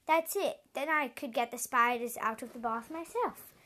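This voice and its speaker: A woman's voice: on the high side, moderate pace, pushed and bright. A woman voicing an earnest little princess who keeps asking questions.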